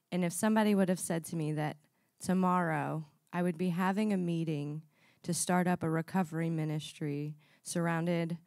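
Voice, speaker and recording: A woman shares an earnest testimony at a church service. Her voice is low-pitched and the sound is dry. She speaks modestly and sincerely. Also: vocal fry, a little mellow, dry recording. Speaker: church member giving testimony.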